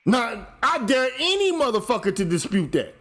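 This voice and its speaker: Guy with a really high voice ranting and lecturing, swears a lot, pitch jumps all over. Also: very animated, moderate pace, fairly bright tone. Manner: lecturing, emphatic, swears often. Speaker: show host. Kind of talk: heated profane monologue.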